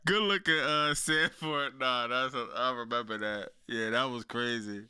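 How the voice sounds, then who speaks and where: A young man casually reacting to wrestling news, slangy and animated, laughing often. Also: mid-range voice, a little slow, clean tone. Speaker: wrestling commentary streamer.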